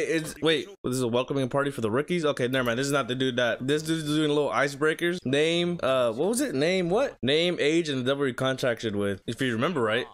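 A man's voice: medium pitch, fairly bright tone. A young man casually reacting to an anime episode, chatting at the screen and reading the subtitles aloud. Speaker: reaction video host.

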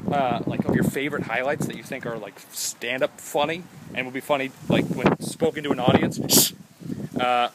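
A young man with a highish voice rambles goofily in a casual vlog outside his home, amid heavy background noise. He jokes around, hops from topic to topic, and uses silly voices.

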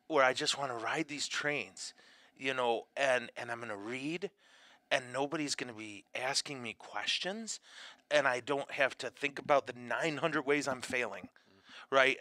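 A man, a priest hosting a show, chatting casually in a self-mocking, animated way with loud bursts of laughter. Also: mid-range voice, no echo. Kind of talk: casual comedic chat.

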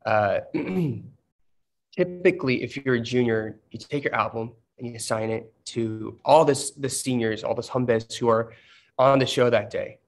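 A man's voice: medium pitch, unhurried. A man in his thirties chatting casually on a livestream, telling stories and answering fan questions with lots of fillers. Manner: chatty storytelling, many fillers.

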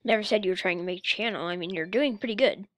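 A woman's voice: mid-range voice, fast, a bit bright, dry recording, clean studio sound. A woman doing a teasing, sarcastic reaction commentary on a video as a YouTuber, often laughing.

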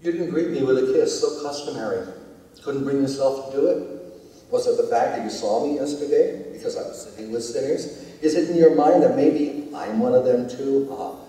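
A man's voice: mid-range voice, moderate pace, mellow. A man preaching a sermon as pastor, telling the story in a conversational way and asking the congregation questions. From United States. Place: church sanctuary. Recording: echoey church hall, distant mic.

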